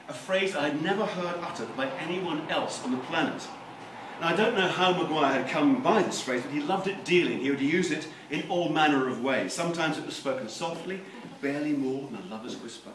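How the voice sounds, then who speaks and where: A man reading a novel aloud at a live event, theatrical and expressive. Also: on the high side, normal speed. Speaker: reader. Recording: echoey room, distant mic, faint noise.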